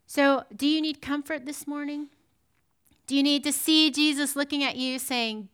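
A woman giving a sermon in a conversational, animated storytelling manner, often checking in with the listeners. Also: high voice, moderate pace. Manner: animated storytelling with frequent "right?" asides. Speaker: preacher.

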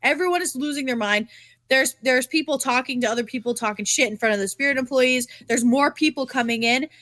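A woman co-hosting a podcast, telling a story in a casual, animated way, swearing freely and full of "like". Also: high-pitched, brisk, no room sound, studio quality. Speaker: podcast co-host.

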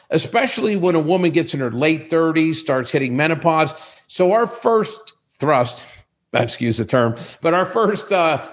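A man in his sixties, a podcast guest, chatting casually and acting out the voices of people in his stories. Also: on the high side. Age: 60s. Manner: animated storyteller who acts out quoted dialogue. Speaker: guest, sexual wellness business owner.

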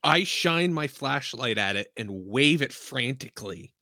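A man at a tabletop game, his mid-pitched voice moving in a lively way. He chats casually and mocks his own bad luck, recorded dry and close. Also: measured pace, dry recording. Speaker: player.

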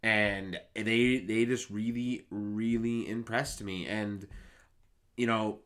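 A man with a low voice and a bright, forceful tone, chatting on a sports podcast. He reels off numbers in quick bursts. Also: steady tone. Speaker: podcast co-host. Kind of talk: casual sports chat.

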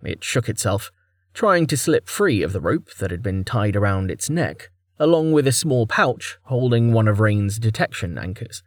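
A man narrating a fantasy audiobook chapter with expressive storytelling. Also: lowish voice, moderate pace, dry recording. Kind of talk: scripted narration.

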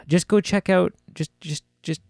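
A man's voice: fairly high pitch, sing-song, takes it slowly, vocal fry, darkish tone, dry recording, studio quality. A man with a Canadian accent co-hosting a casual film review podcast, rambling and joking with many fillers. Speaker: podcast co-host.

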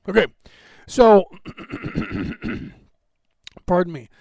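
A man's voice: high-pitched, drawn-out words, creaky, a little mellow, no room sound. A man hosting a live podcast stream, chatting casually and rambling with many fillers and restarts. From United States. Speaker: podcast host. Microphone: camera on a box, live stream.

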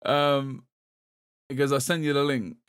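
A man's voice: mid-range voice, a little slow, smooth, dry recording, studio quality. English man telling a story, laughing. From England. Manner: animated storytelling, quoting others, laughing. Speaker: podcast host. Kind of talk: casual chat.

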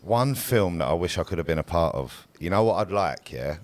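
A man's voice: deep voice, lively intonation, brisk. A man co-hosting a podcast, talking in a laddish, sweary, blunt way. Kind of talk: casual podcast chat.

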